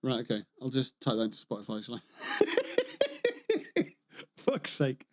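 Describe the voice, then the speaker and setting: A man's voice: medium pitch, fairly quick. A man on a gaming livestream, chatting casually, rambling and joking, swearing freely. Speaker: streamer.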